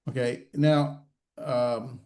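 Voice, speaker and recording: A man teaching a grammar class, quizzing students and talking haltingly with many fillers and restarts. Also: mid-range voice, steady tone, mellow. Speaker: Hebrew grammar instructor. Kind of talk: classroom lecture with student questions. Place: classroom or online class session.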